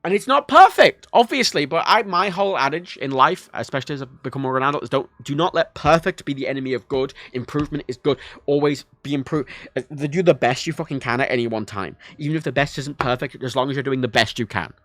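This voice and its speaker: A man's voice: mid-range voice, animated, fast, a bit bright, no room sound. A young man streaming a game, talking casually in a profane, opinionated rant. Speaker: livestreamer. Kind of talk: casual gameplay stream commentary.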